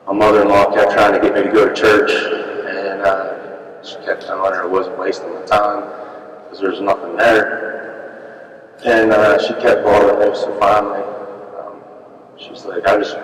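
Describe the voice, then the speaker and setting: A man's voice: on the low side, a little hiss or hum. A man in his thirties, a military veteran, telling his personal story to an audience in an earnest, plainspoken way. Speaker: veteran speaker. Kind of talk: personal testimony talk. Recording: echoey hall, voice from far off.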